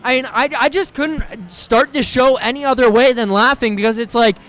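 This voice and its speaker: A man with a strikingly high voice hosts a live post-game reaction stream. He rants hard and swears freely, sounding exasperated, and keeps stumbling into restarts as his frustration boils over. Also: normal speed, a bit bright. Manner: heated, profane and exasperated, with repeated stammering restarts.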